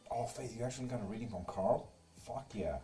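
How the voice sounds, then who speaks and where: A man's voice: medium pitch, a little fast, warm tone, soft background music. A man doing live tarot readings in casual stream chat. He reads viewers' comments aloud, teases them and swears freely. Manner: joking and teasing.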